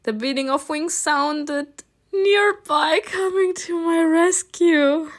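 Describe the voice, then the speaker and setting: A woman reading a story game aloud and reacting, excitable and gushing between lines. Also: very high-pitched, takes it slowly. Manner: excitable, gushing, often laughing.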